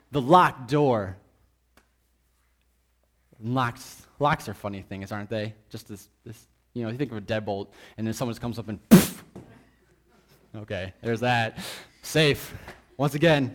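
A man preaching a sermon in an animated, joking, conversational way. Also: mid-range voice.

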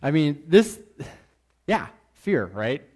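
A man preaching a sermon in an animated, joking, conversational way. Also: a little high, slow pace.

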